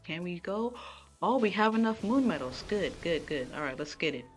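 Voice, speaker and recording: A woman's voice: fairly low pitch, very animated, normal speed, soft background music. A woman streamer playing a game live at home, chatting casually and talking to her viewers as she plays. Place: room at home.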